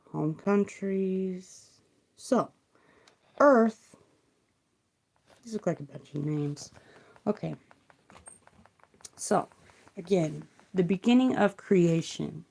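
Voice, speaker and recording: A woman on a live stream speaking quietly and rambling through questions, trailing off as she reads and thinks aloud into a close mic. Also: mid-range voice, expressive, drawn-out words, vocal fry, pauses often. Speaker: livestream tarot reader. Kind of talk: soft-spoken livestream musing. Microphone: close mic, kept quiet for live stream.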